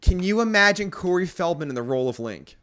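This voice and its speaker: A man co-hosting a podcast, talking in a slightly high voice that jumps lively up and down. He jokes and swears casually and teases his co-host. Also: fast talker. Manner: joking, swearing, bouncing between high and low. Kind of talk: casual chat.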